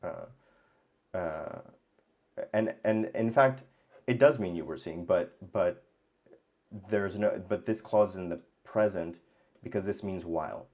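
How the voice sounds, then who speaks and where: A man teaching grammar in a casual lesson, thinking aloud with many pauses and restarts. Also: sits low, darkish tone. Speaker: language teacher.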